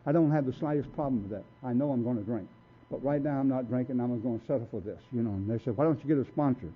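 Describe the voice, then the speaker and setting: A medium-pitched, slightly rough voice moves at a quick pace as a man tells his recovery-meeting story, blunt and streetwise, acting out others' lines. The audio is tinny and phone-like.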